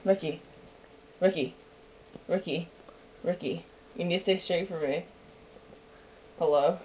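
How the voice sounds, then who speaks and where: A woman's voice: lowish voice, steady tone, takes it slowly. Giggly woman on lo-fi home video. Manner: giggly, coaxing, full of "like" and "yo". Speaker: sibling filming at home. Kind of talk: casual home video banter. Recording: dull lo-fi home camcorder with faint hiss.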